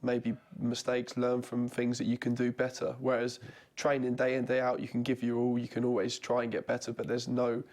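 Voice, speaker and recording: A man's voice: mid-range voice, monotone, fairly quick, few pauses, a little mellow. A man, a goalkeeper guest from southern England, answering interview questions earnestly with some hesitation.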